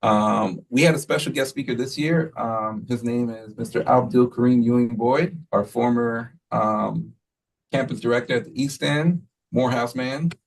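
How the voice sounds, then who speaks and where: A man who leads a school, giving a relaxed, rambling report to the board, full of fillers and quoted asides. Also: medium pitch, moderate pace, gravelly, recorded from a distance, rough recording. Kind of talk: casual spoken report at a meeting.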